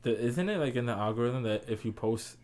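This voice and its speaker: A man's voice: medium pitch, expressive, a little fast, a little mellow. A man co-hosting a podcast in casual chat. He mostly gives brief, laid-back replies and teasing questions. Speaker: podcast co-host.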